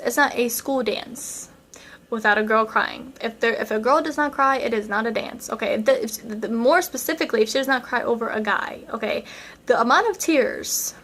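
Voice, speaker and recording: A woman's voice: fairly high pitch, a bit bright, a little hiss or hum. A young woman vlogger telling a dramatic storytime in a chatty style, full of fillers. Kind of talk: casual storytime.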